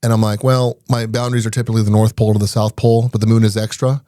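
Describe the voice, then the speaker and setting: Fast-talking man telling wild stories. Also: lowish voice, no room sound, studio quality. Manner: rapid, animated anecdotes broken up by laughter. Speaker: podcast guest, IT business owner. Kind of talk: casual storytelling in an interview.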